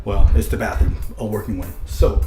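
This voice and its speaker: A man giving a casual vlog tour of a rental house, keeping his voice hushed and low-key so he doesn't wake anyone. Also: fairly even intonation, moderate pace. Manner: hushed, low-key, trying to stay quiet. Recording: roomy indoor sound with background music.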